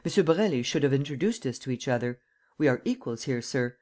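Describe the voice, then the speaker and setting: A man reading a proud gentleman thief, locked in a cell and talking down to his visitors. He is formal and coolly mocking, every phrase precise and polite. The pitch sits in an ordinary middle range, as in a read storybook. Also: lively intonation, fast, natural voice. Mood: coolly ironic. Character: proud, ironic male master thief in prison.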